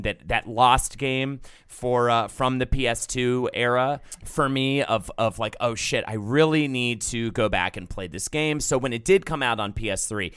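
An animated, jokey man co-hosting a casual podcast, quick to laugh. His voice is smooth and clear at a mid pitch. The sound is close and dry, with no room in it. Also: no echo. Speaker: podcast co-host.

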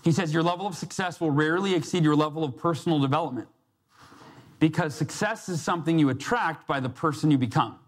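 Quick-paced and fairly high in pitch, the speaker is a success coach delivering a motivational talk live. He tells a story from his own life and acts out the voices he quotes.

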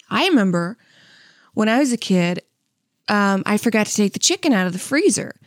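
A woman in her thirties riffs through a comedic podcast monologue, candid and self-mocking, peppering it with "like" and "you know what I mean." Her voice sits a little high for a woman. It is recorded dry and close, with no room sound. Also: dry recording. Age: 30s. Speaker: podcast host.

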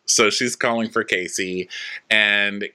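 A man's voice: fairly low pitch, fairly even intonation, takes it slowly, bright, forceful tone, smooth. A man co-hosting a comedy podcast, recapping a reality show with snarky, joking storytelling. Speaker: podcast co-host.

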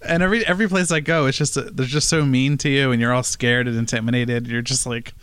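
A man's voice: medium pitch, fairly even intonation, fast, a bit bright, clear, resonant tone. A man chatting on a podcast in a rambling, hesitant way. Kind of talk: casual chat.

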